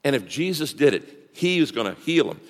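A male pastor preaching a sermon, swinging from loud, fast bursts to hushed, slow lines. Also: mid-range voice, big pitch swings. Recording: long hall reverb.

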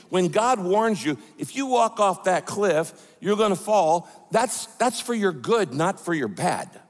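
Animated male pastor preaching in a hall. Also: high-pitched, a little slow. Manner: lively, emphatic preaching with quoted asides. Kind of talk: sermon.

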